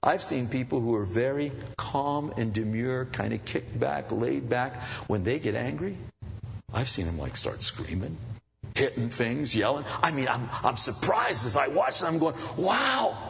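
Pastor, male, gravelly voice, animated sermon delivery, dull recording with long church reverb. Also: normal speed, a little hiss or hum. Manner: animated preaching, swinging from low murmurs to loud high bursts.

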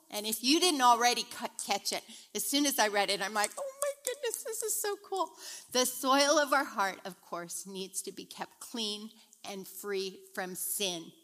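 A middle-aged woman teaching a women's Bible study in a chatty, animated way, retelling stories as she goes. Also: fairly high pitch. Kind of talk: casual devotional teaching.

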